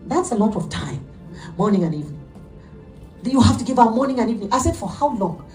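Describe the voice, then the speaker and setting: A middle-aged woman pastor preaching an animated sermon, laughing often as she tells stories. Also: a little high, fast, faint music behind. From Nigeria. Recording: echoey room, heard from a distance.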